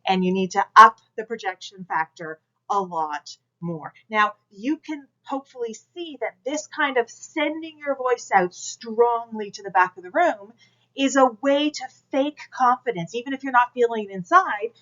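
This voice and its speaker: A woman's voice: on the high side, lively intonation, moderate pace, fairly bright tone. Coaching woman lecturer on dull video. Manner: direct, coaching, demonstrates projection aloud. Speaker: instructor. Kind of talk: recorded class lecture. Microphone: camera mic.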